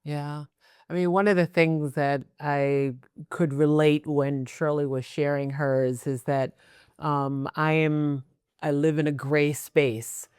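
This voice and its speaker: An American-accented podcast host talking in a thoughtful, measured way. The voice is smooth and clear, recorded close and dry. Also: medium pitch, little pitch movement, a little mellow, no echo. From United States. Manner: thoughtful, measured, occasional fillers. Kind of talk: casual interview conversation.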